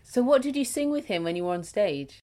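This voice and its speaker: A woman's voice: mid-range voice, lively intonation, a little fast, mellow. A woman interviewing a guest in a casual, enthusiastic way.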